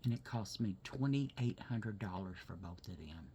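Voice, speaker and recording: Low-voiced woman telling a story. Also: lively intonation, a little slow, dark tone, slight background noise. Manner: chatty storytelling, rising to heated retelling. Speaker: vlogger. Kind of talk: casual chat while doing makeup.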